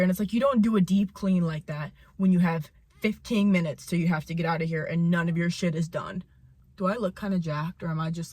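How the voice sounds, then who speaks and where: A young woman telling a storytime rant about a coworker, heated and profane, repeating lines for emphasis. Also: fairly bright tone. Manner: mimics coworker in high sing-song voice. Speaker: vlogger telling a work story.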